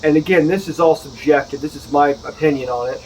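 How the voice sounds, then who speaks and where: Casual male whiskey reviewer, slightly higher voice, joking asides, recorded outdoors with faint night noise. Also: quick pace, a little mellow, low-quality recording. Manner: chatty, jokey, self-correcting asides. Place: outdoors at home, with neighbors nearby.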